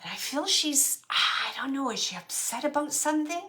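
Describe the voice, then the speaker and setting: A woman working as a medium, giving a spirit reading to an audience, speaking softly, musing aloud and often dropping to a whisper. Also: sits high, expressive, moderate pace, hardly any pauses. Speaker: psychic medium.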